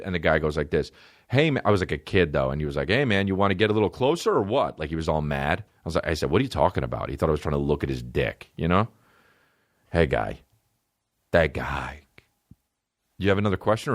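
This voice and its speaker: Deep-voiced, animated, profane male podcast host. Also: no echo, clean studio sound. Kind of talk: solo comedic podcast riffing.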